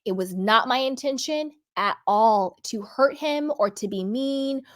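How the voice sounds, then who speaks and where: A woman hosting a casual commentary vlog, talking earnestly and slowing down to stress key words. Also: on the high side. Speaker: host.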